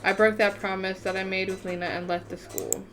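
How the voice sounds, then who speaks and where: A woman's voice: mid-range voice, level tone, brisk, fairly bright tone. Woman reading a game aloud, stumbling. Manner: stumbles over words while reading. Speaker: gamer reading a visual novel aloud. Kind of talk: casual let's-play reading.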